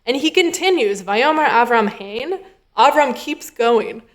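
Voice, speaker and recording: A woman's voice: on the high side, lively intonation, measured pace. Woman giving a conversational sermon. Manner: conversational, thinking aloud with fillers and quoted dialogue. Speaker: rabbinic intern. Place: synagogue sanctuary.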